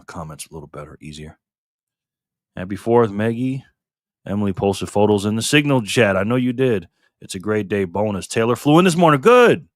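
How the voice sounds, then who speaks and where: A man's voice: mid-range voice, fairly bright tone, no echo, studio quality. Upbeat man hosting a live stream. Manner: upbeat, greets viewers by name. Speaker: livestream host. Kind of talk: casual live stream chat reading comments.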